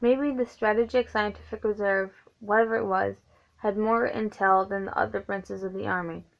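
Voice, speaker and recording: A woman's voice: medium pitch, steady tone, moderate pace, vocal fry, muffled recording. A woman reading a novelization aloud, often stumbling and correcting herself. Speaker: reader of a book.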